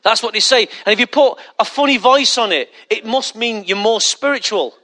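A man's voice: sits high, normal speed, sharp tone. A male pastor preaching a conversational sermon full of rhetorical questions and mocking asides.

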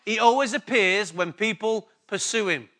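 A man's voice: sits high, normal speed, bright, forceful tone. A man with an English accent preaching a sermon, repeating key words for emphasis and asking the congregation questions. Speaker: pastor.

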